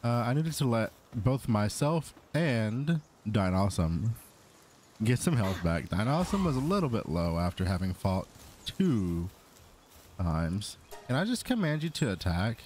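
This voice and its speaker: A man's voice: fairly low pitch, sing-song, unhurried, darkish tone, slight background noise. A man narrating his own gameplay as a gaming YouTuber, exasperated, talking to his creature companion. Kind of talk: Let's Play commentary.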